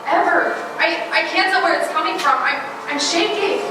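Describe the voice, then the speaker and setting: A woman's voice: very high-pitched, moderate pace. A woman acting in a live stage play as a frightened teenager recounting a chase, telling it in an urgent, breathless way. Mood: tense. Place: school theatre stage. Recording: echoey hall from far off, noisy.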